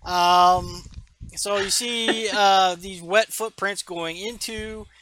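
A man casually retelling a comic story, stumbling over words now and then and acting out rough bar voices. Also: high voice, fairly even intonation, slow, pushed and bright, a little hiss or hum, low-quality recording. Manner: acts out gruff bar voices, loses words, laughs. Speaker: podcast co-host retelling a comic.

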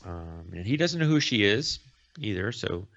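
Low-voiced man rambling through a recap. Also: big pitch swings, normal speed, a bit bright. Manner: rambling, self-correcting retelling. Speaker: podcast host. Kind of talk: casual comic recap. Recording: dull lo-fi recording.

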